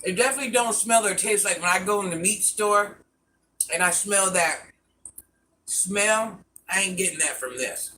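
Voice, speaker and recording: A woman's voice: mid-range voice, normal speed, pushed and bright. An older woman casually chatting with her viewers while she eats and savors her food on a live stream. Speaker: mukbang streamer. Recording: distant mic with faint background noise.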